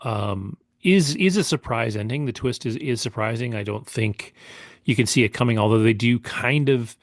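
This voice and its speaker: A man's voice: medium pitch, moderate pace, dry recording, studio quality. A man co-hosting a podcast, reviewing a film in casual chat, rambling with lots of fillers and restarts. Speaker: podcast co-host.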